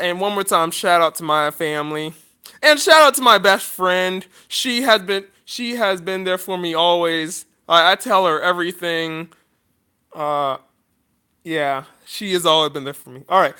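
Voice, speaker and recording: A man with a high, bright and smooth voice rambles through a casual vlog monologue for his viewers. He sounds emotional, apologizes often and keeps restarting his sentences. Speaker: YouTuber.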